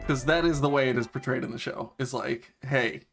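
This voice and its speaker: A man's voice: medium pitch, fast talker, vocal fry. A man streaming a speedrun, rambling casually in a running chat with many fillers and restarts. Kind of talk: casual chat while gaming. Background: game music.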